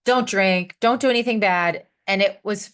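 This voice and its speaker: A woman guest in a casual interview, telling candid, animated anecdotes with frequent restarts. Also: mid-range voice, moderate pace, clean tone. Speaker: guest performer.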